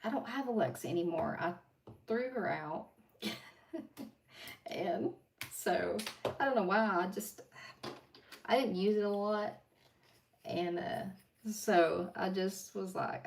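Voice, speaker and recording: Gravelly Appalachian woman chatting at a distance. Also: on the low side, unhurried, pauses often, darkish tone. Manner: chatty, laughing asides, talks to viewers while doing nails. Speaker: nail art livestream host. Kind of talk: casual chat while working. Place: home desk.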